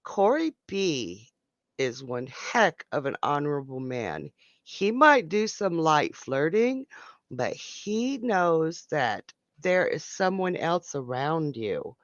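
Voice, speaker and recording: A man's voice: a little high, sing-song, slow, fairly bright tone, no echo, highs cut off. A man hosting a live psychic show, giving a tarot reading and chatting with viewers as he reads out their comments. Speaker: psychic host.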